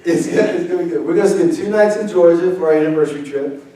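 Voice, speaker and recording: Joking young pastor in an echoey church. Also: male voice, fairly high pitch, fast, dark tone. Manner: casual, joking, talks with the congregation. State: weak from illness. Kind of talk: sermon. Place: church sanctuary. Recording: echoey sanctuary, mic from far off.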